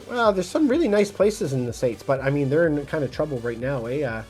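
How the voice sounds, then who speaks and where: A realtor from Montreal, Canada, fields viewers' chat questions on a phone livestream. The delivery is direct and casual, with a motivational push. The voice sits at a middle pitch, and faint music plays in the background. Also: animated, moderate pace, few pauses, a little mellow, slightly rough. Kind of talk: livestream Q&A answering chat comments. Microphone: phone mic.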